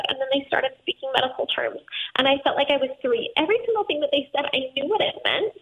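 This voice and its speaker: High creaky woman on a phone line. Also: a little fast. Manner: tearful, voice breaking at times. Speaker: guest. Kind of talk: emotional personal storytelling.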